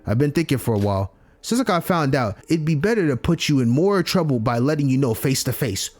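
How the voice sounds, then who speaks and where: A man reading the lines of a calm, defiant teenage boy in a visual novel. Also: mid-range voice, a little fast, noisy background, natural voice.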